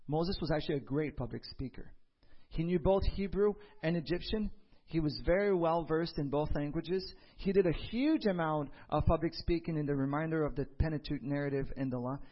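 A young man delivering a sermon, mixing Bible teaching with a personal story he acts out in different voices. His voice sits a bit high for a man, and the recording sounds dull and lo-fi. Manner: animated storyteller acting out dialogue. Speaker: pastor.

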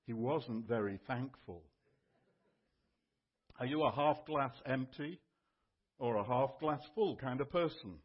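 Pastor guy preaching, husky voice, kinda lo-fi and muffled. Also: mid-range voice, animated, slow pace, pauses often. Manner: conversational teaching, with fillers. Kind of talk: sermon.

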